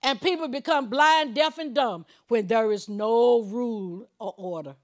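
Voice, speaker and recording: A woman preaching a sermon in an emphatic, conversational way, moving between loud declarations and quiet asides. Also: a little high, measured pace. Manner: chuckles while preaching, conversational.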